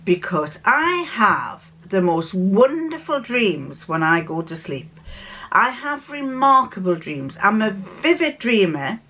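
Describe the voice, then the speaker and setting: A woman's voice: medium pitch, sing-song, takes it slowly, sharp tone, highs cut off, a little hiss or hum. Chatty older woman. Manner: rambling and anecdotal, with frequent restarts. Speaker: vlogger. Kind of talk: chatty vlog monologue.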